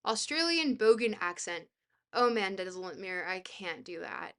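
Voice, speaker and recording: A woman's voice: mid-range voice, animated, normal speed, a bit bright. A woman streaming live, reading a dense book aloud and breaking off to chat, often hesitating with fillers and laughing at herself. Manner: laughs easily, self-deprecating.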